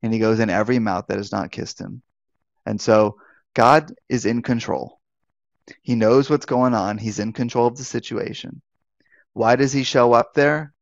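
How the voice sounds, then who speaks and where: A male pastor teaches from the Bible in a relaxed, conversational way. He often restarts his phrases and asks his listeners questions. His voice has a gravelly edge, and the recording is dry and somewhat muffled. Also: medium pitch, moderate pace, no room sound. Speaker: pastor and life coach. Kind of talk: live online Bible teaching.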